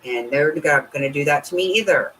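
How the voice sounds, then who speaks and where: On a low-quality recording with faint hiss or hum, this female livestream host talks a little fast. Her delivery is blunt and heavily profane, and her animated voice keeps rising and falling.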